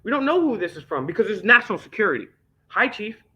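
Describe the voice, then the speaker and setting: An indignant man rants through a stack of documents, his fairly high voice leaping up and down with sarcasm as he swears freely. The dull, lo-fi recording takes the edge off his voice. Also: sing-song, fast talker, pushed and bright. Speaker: independent news vlogger. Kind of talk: ranting commentary reading documents aloud.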